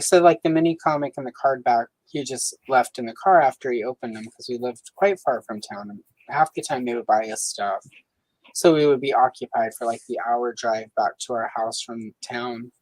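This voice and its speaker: A woman hosting a coloring livestream in casual chat, talking with many fillers and lively swings in pitch. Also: moderate pace, dry recording, low-quality recording. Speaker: livestream host.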